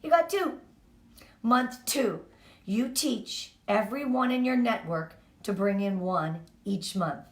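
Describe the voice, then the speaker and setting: A middle-aged woman giving an energetic, emphatic motivational talk to her sales team. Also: mid-range voice, takes it slowly. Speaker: team leader. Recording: echoey room.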